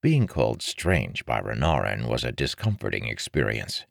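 A man with an extremely deep, low voice reads a fantasy novel aloud in a measured, expressive way. His intonation is lively despite the low register. The recording is dry and close, with no room sound. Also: gravelly, no echo. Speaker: audiobook narrator. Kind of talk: scripted fantasy novel narration.

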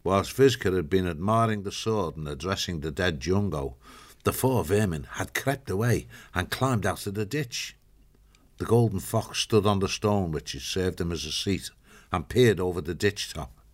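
A man reading an audiobook in steady, measured scripted narration. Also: low-pitched.

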